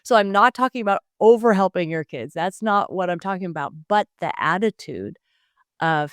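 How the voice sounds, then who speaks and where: A woman's voice: medium pitch, normal speed, no room sound, studio quality. A woman, a guest author and speaker, talking earnestly about faith and parenting in an interview, often laughing as she makes a point. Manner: earnest, animated storytelling with laughs.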